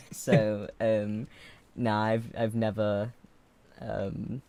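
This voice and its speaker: A man who grew up in England, with a mixed English and American accent, chatting casually on a livestream and swinging from soft, gentle talk to loud, excited bursts. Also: on the low side, drawn-out words, vocal fry. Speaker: streamer host.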